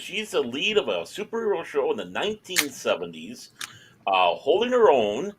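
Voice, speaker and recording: A man's voice: on the high side, wildly swooping pitch, normal speed, a crowd in the background, low-quality recording. A man hosting a casual chat, making emphatic, opinionated points. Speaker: host.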